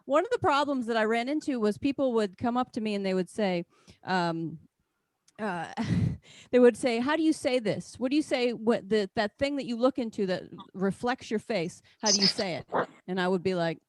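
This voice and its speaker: A woman's voice: fairly high pitch, lively intonation, normal speed, dry recording. An American woman performs stand-up over a video call, talking in a chatty, self-deprecating way. She laughs at her own lines now and then, and the sound is close and dry with no room around it. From United States. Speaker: stand-up comedian. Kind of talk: stand-up set.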